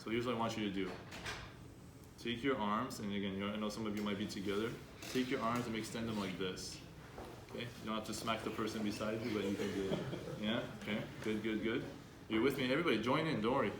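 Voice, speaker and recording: A man runs an interactive student workshop, sounding upbeat and drawing the audience in with questions. His voice is fairly low and steady, and he talks fast. The room with the students is echoey, with faint background noise.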